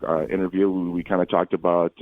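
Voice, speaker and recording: A middle-aged man, a former fighter, telling stories from his career as an interview guest, rambling with frequent pauses and restarts. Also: low voice, flat delivery, no room sound. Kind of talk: casual storytelling in an interview. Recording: tinny phone-like line, dry.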